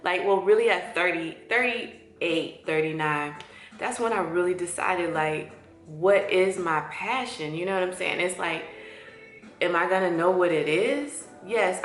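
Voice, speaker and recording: Woman, forties, chatty and excited, low-ish voice, echoey room. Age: 40s. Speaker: esthetician. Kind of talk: casual vlog talk. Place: her empty new salon studio. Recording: echoey room with faint music.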